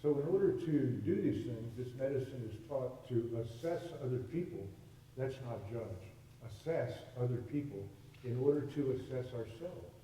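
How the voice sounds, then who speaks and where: An older man, a spiritual teacher, telling a story to a congregation in a relaxed, amused way, acting out both sides of the conversation. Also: medium pitch, slight background noise. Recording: distant, very echoey hall recording.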